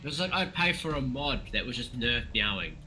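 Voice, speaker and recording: A man's voice: medium pitch, lively intonation, brisk, pushed and bright, a little hiss or hum. A man joining a gaming stream by voice chat, laughing often and joking about himself. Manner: giggly, self-mocking. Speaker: friend on voice chat.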